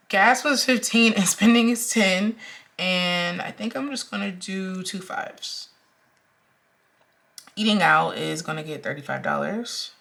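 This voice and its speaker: Slow, low-voiced young woman vlogger. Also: gravelly, fairly bright tone. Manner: slow, chatty, with frequent ums and counting aloud. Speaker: budgeting vlogger. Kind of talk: casual talk-through while cash stuffing.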